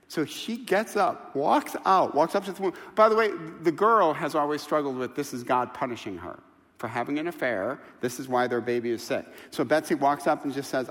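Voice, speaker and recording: A man preaching a sermon as pastor, telling stories with lively, acted-out quotes. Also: on the high side, a little fast. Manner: animated storytelling, quoting people in voices. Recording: long hall reverb.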